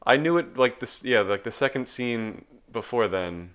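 A man's voice: mid-range voice, expressive, moderate pace, a bit bright, smooth, dull audio. A man, co-hosting a casual movie podcast with dry, matter-of-fact asides. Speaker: podcast co-host. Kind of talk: casual chat about a movie.

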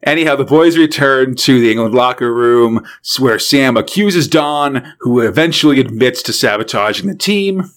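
A man in casual podcast chat, recapping an old cartoon in a laid-back, rambling way. He speaks at an ordinary middle pitch, filling gaps with "uh" and "like" and laughing easily between points. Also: lively intonation, normal speed, hardly any pauses. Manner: laid-back storytelling with frequent fillers and laughs.

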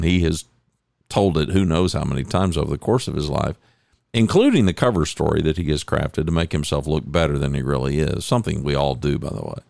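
In a dry, studio-quality recording, a middle-aged man with a creaky voice reflects on coaching stories. His delivery is emphatic, with rising stresses that build to higher, excited peaks.

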